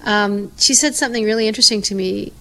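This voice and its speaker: A woman's voice: medium pitch, fast talker, a little hiss or hum. A woman co-hosting a podcast, telling stories in casual chat and acting out what others said. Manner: animated storyteller, acts out quotes. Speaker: podcast co-host.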